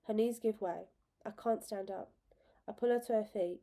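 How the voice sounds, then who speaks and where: A woman reading a story aloud with expressive, emotional narration. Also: medium pitch, normal speed. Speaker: reader.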